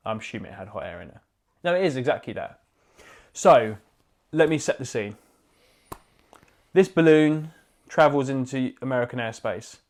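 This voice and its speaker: A man's voice: medium pitch, lively intonation, moderate pace, long pauses, darkish tone. Man, podcast co-host, casual chat, jokey, sweary. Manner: jokey, sweary, acts out quoted voices.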